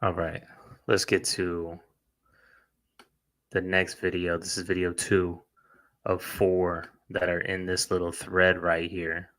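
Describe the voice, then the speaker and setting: Lowish-voiced guy doing a casual reaction vid, blunt and chatty, says like a lot. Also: monotone, slow pace, long pauses, fairly bright tone. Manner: blunt, chatty, frequent fillers. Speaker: reaction video host.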